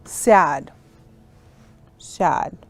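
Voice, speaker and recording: A woman's voice: sits low, very slow, faint music behind. A woman who works as a sign language interpreter, patiently teaching a beginner lesson to young students step by step.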